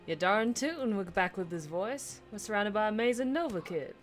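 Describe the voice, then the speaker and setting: A swaggering, friendly southern cowgirl, put on by a woman drawls out folksy slang in a mid-pitched voice. The drawl is a playful game-stream character voice, with soft game music faintly behind. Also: expressive, moderate pace, natural voice.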